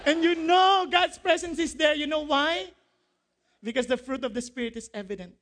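A man, a pastor, preaching a sermon in an animated way, quoting scripture, asking the congregation questions and laughing at his own jokes. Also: very high-pitched, normal speed. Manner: quotes scripture, asks the audience questions.

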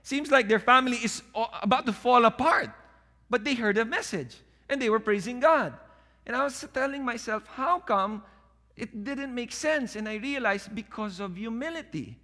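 Man preaching in a church hall; high, bright, animated delivery with long reverb. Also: normal speed. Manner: animated preaching, drops to soft calm voice when quoting. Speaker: pastor. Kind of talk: sermon.

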